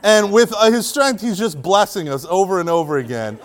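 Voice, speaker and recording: A man with a high voice gives a funny storytelling talk at a Catholic youth event. He is animated and jokey, and he shouts when he acts out the big moments. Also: normal speed. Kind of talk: humorous storytelling talk to a live audience.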